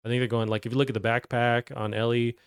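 A man's voice: mid-range voice, level tone, fast, smooth, no echo, studio quality. A man hosting a gaming news show, talking in a loose, rambling way with many fillers. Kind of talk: casual gaming news chat.

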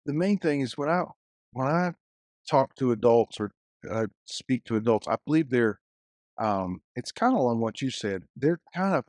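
A man, a guest minister, telling lively stories in a casual podcast conversation, full of restarts and acted-out quotes. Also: mid-range voice, no echo, clean studio sound. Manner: storytelling, animated quotes, many restarts.

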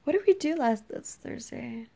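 A woman co-hosts a relaxed podcast chat with a Californian accent. Her voice sits a little high. She mostly adds short reactions and quick questions. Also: creaky. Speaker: podcast co-host. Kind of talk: casual chat.

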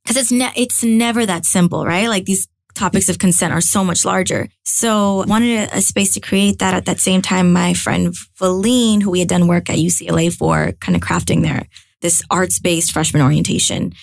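Chatty young woman with a gravelly edge. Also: lowish voice, moderate pace, no room sound. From United States. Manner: chatty and animated, lots of filler words and restarts. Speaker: guest, actress and comedian. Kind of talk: casual interview chat.

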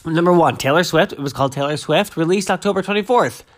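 A man in his thirties chatting casually about music, rambling and excitable, often losing his train of thought. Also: on the high side, quick pace. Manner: rambling, excitable, self-interrupting. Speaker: host.

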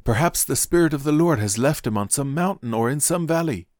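A man's voice: fairly high pitch, animated, a little fast, darkish tone, no room sound, studio quality, pitched above the performer's own voice, natural voice. A man reading the part of a group of prophets, eager and urgent, in a Bible story reading.

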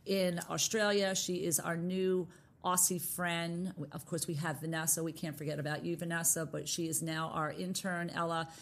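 A woman co-hosting a podcast in casual chat, effusive and full of shout-outs to her team. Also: lowish voice, level tone, normal speed. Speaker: podcast co-host.

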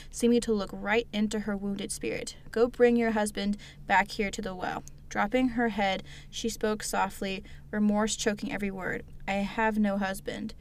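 Woman podcast co-host, reads devotional text aloud, trips on words and laughs it off, faint noise behind. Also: mid-range voice. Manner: stumbles over words, laughs at own slips.

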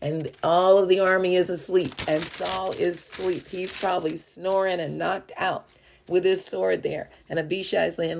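Recorded as a podcast voice message, a woman hosting a devotional show reads a Bible passage aloud, then explains it chattily with small laughs, as casual Bible teaching. Her voice is on the low side with vocal fry, fairly even intonation and normal speed, with a little hiss or hum.

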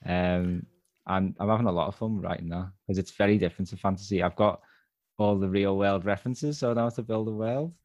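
A man's voice: low-pitched, brisk, darkish tone, no echo. A man with a Liverpool accent, a guest author talking earnestly in a casual interview, often restarting his phrases. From Liverpool, England.

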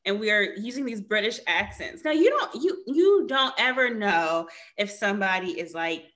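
A woman's voice: mid-range voice, moderate pace. A woman in casual chat as a podcast co-host, swearing freely, laughing often and telling stories with emphasis. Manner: storytelling, lively and emphatic.

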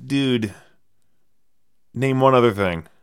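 A man's voice: mid-range voice, slow, clear, resonant tone, no echo, studio quality. A man hosting a casual movie podcast, reeling off trivia in a wry, sardonic way with plenty of fillers.

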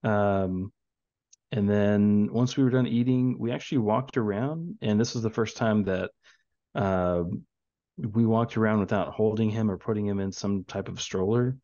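A young father chats in a low voice, wandering through his story with plenty of fillers. The sound is dry and a bit muffled. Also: measured pace, warm tone, no room sound. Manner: rambling storyteller with many fillers. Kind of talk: casual chat.

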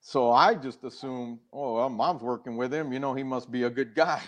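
In an interview, an older male guest speaks in a mid-range voice at a normal speed. He earnestly shares a personal story, restarting many times and acting out what people said.

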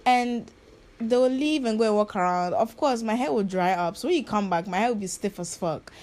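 Blunt, animated young woman from Ghana. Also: mid-range voice, a little fast. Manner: blunt, animated, swears freely. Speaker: podcast host. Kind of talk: casual chat.

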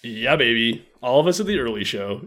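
A young man chatting on a podcast with his co-host, his pitch rising and falling freely as he spins a story. He slips into the voices of the people in it and keeps breaking into laughter. The tone is loose, easy casual chat. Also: expressive, fairly quick, a bit bright. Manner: storytelling, acts out quotes, laughs often.

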